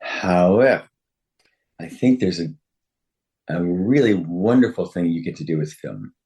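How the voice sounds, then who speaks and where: A man in his sixties, an actor speaking as a guest over a video call, animated and often correcting himself with laughs. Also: low-pitched, unhurried. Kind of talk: remote interview.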